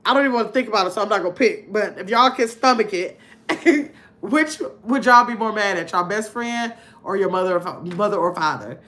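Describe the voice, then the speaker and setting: A woman's voice: mid-range voice, lively intonation, a little fast, a bit bright. A middle-aged woman hosting a casual livestream game night, reading viewer comments aloud and chatting with a laugh. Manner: chatty, laughs often, talks straight to viewers. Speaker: livestream host.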